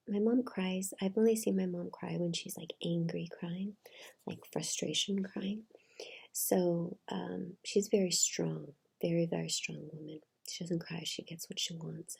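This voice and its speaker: A middle-aged woman tells a personal story in a hushed, half-whispered voice, pausing often on fillers. Her voice sits low, with heavy gravel and a breathy, husky edge. The tone is dark and mellow. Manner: soft, half-whispered retelling with many fillers. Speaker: channel host.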